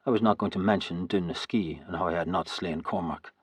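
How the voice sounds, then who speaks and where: A man narrates a first-person historical novel in a steady, even way. His voice is low and a little husky. The recording is dry and close, with no room sound. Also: moderate pace, dry recording. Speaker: audiobook narrator.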